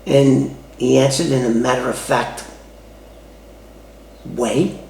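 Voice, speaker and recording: A man from the Bronx, telling a true story from his past in a loose, halting way with many restarts. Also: mid-range voice, creaky, a little mellow. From the Bronx, New York. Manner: loose, halting retelling with restarts and street phrasing. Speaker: former FBI informant recounting a case. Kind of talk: conversational first-person storytelling. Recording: roomy echo.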